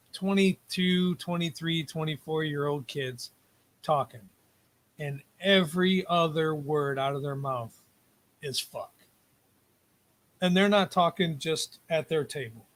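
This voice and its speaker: A man co-hosting a casual talk show, telling a story with lively mimicry and free swearing. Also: fairly high pitch. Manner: animated storyteller, mimics voices, swears freely. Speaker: podcast co-host.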